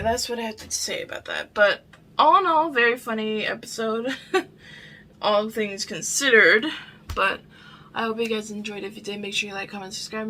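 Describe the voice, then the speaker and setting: A woman's voice: medium pitch, gravelly, bright, forceful tone, a little hiss or hum. A young woman talking in a casual solo vlog, rambling and frank, with lots of "like" fillers and some swearing. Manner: heavy use of "like" fillers. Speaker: vlogger.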